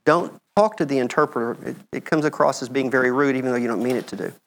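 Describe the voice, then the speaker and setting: A man's voice: mid-range voice, fast talker, fairly bright tone. Chatty American man giving a slide talk. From United States. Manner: conversational, checks in with "okay?". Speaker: medical mission speaker.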